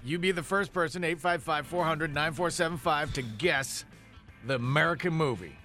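A male radio host talking in a studio with a bright, forward tone, a little on the higher side. He keeps things moving with upbeat game-show banter, with faint music beneath. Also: normal speed. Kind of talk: casual on-air banter.

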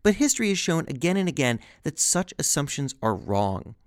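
A man hosting a scripted podcast, narrating with a lively, wry, chatty delivery. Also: a little high, normal speed, no room sound, studio quality. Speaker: podcast host.

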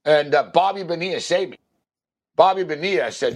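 A man's voice: on the high side, a little fast. A man telling a long, rambling anecdote on a sports podcast, full of fillers and acted-out quotes. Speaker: podcast co-host. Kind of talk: casual storytelling.

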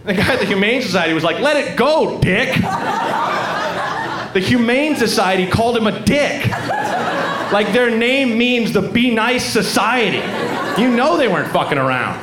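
A high-pitched man performs stand-up comedy with animated energy, slipping into silly voices. The live club recording is roomy and echoey. A loud crowd laughs throughout, over a steady background noise. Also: normal speed. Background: audience laughter.

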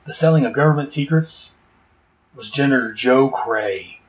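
A man's voice: medium pitch, moderate pace, a little hiss or hum, rough recording. A man hosting a casual comic book podcast, recapping pages in a rambling way full of asides.

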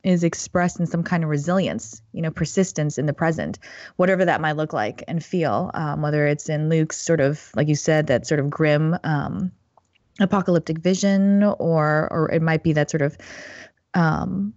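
A woman with a low voice speaks hesitantly, stopping often with fillers and hedges. The sound is dry and dull, as if heard over a video call. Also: moderate pace, darkish tone, no room sound. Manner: hesitant, lots of fillers and hedging. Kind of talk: casual conversational discussion.

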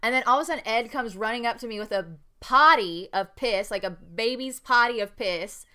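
A woman's voice: a little high, fairly quick, clear, resonant tone. A young woman co-hosting a casual podcast, swearing freely and laughing as she tells stories. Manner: swears freely, laughs often, animated storytelling. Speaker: podcast co-host. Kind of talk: casual chat.

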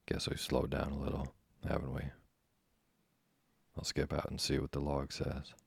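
A swaggering teenage boy who brags in slang, read by a man. The voice sits extremely low and stays flat, with a husky rasp and a dry, close sound. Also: moderate pace, no echo, full character voice. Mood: brash. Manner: cocky, slangy bragging. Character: brash boastful American teenage boy.

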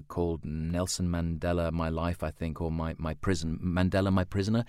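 A man's voice: low voice, no room sound, clean studio sound. A man who works as an audiobook narrator and voice actor, answering interview questions in a chatty, self-deprecating way. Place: lives in Australia.

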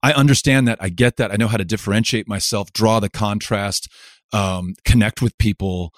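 A middle-aged man from West Texas with a lowish voice, talking in an earnest, reflective way in an interview. He restarts his sentences and builds his points in rhythmic, parallel lists. The sound is close and dry, with no room around it. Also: steady tone, no echo. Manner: earnest, halting with repeated starts, lists in rhythmic parallel phrases. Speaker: interview guest, politician.

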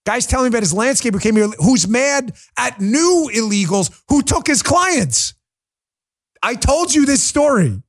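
A man hosts a political commentary show in a heated, mocking rant. His voice sits high for a man and leaps around a lot in pitch. He scoffs and laughs along as he argues. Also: big pitch swings, moderate pace. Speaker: podcast host.

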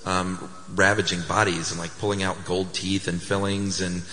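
A man co-hosting a live podcast on stage, telling a story casually in a chatty, animated way. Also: deep voice, moderate pace. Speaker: podcast co-host. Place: theater stage before a live audience. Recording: live hall with long reverb.

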